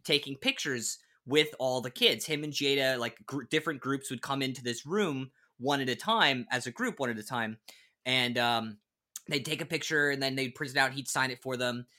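An actor appearing as a podcast guest chats casually and animatedly, laughing often and restarting sentences. He speaks at normal speed with a medium-pitched, sharp-toned voice.

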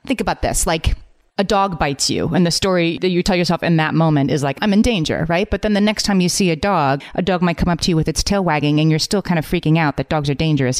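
A woman in her forties co-hosting a podcast, chatting in a lively, animated way. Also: low-pitched. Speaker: podcast co-host. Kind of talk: casual podcast chat.

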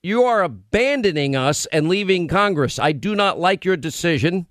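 Male radio host, opinionated and combative, slightly raised pitch, dry close sound. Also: expressive, fairly bright tone, no echo. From United States. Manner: combative, rapid run-on delivery. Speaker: radio talk show host. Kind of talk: opinionated political talk radio.

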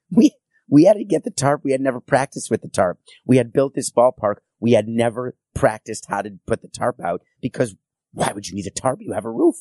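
A middle-aged man hosting a solo sports podcast, telling stories in a chatty way with quick asides. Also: on the low side, darkish tone, no room sound, clean studio sound.

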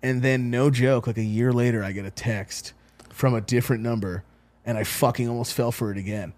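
A young man co-hosting a podcast, telling a story in casual chat, swearing freely and animated. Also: medium pitch, fairly quick. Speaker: podcast co-host.

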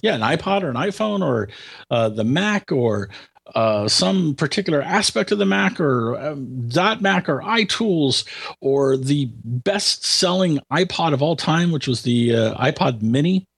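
A man's voice: fairly high pitch, lively intonation, measured pace, creaky, breathy edge. A man giving commentary in a casual conversation, hesitating and restarting often before he makes his point. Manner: hesitant, many restarts, then emphatic. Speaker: tech commentator.

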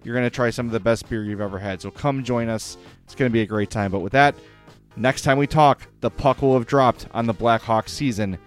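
A man's voice: mid-range voice, fairly quick, smooth, soft background music. A man hosting a hockey podcast, chatting enthusiastically and reading sponsor plugs. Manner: enthusiastic, chatty, gets choked up. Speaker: podcast host. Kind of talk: casual sports podcast chat with sponsor reads.

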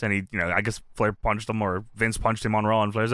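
A man's voice: lowish voice, little pitch movement, fairly quick, few pauses, sharp tone, smooth, no echo, studio quality. A man co-hosting a podcast, recapping wrestling in casual chat, laughing a lot and acting out quoted lines. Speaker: podcast co-host.

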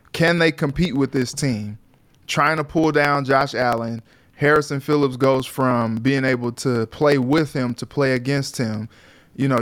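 A man's voice: medium pitch, no room sound. Laid-back male sports talk co-host. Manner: relaxed and conversational, frequent "you know" fillers.

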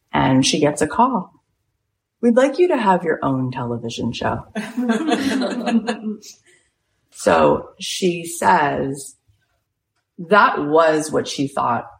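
A woman with a low-pitched voice, telling a story in an animated way. She acts out the quoted voices and builds to excited emphasis. Faint ambience hums behind her. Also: gravelly, slight background noise. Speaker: speaker retelling a story.

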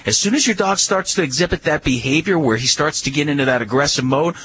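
A man's voice: on the high side, quick pace, slightly rough. A man on a radio show giving dog behavior advice, telling stories emphatically. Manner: emphatic, animated storytelling. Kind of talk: casual radio advice talk.

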